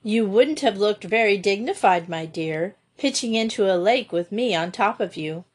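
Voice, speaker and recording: A woman's voice: mid-range voice, animated, moderate pace, breathy edge. A woman reading aloud, voicing an indignant, teasing young woman scolding her younger sister.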